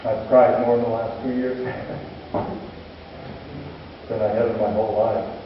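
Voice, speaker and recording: A pastor and hospital chaplain preaching a sermon, telling stories slowly and earnestly with dramatic pauses. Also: male voice, medium pitch, flat delivery, a little hiss or hum. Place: church sanctuary. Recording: distant, echoey church hall, muffled.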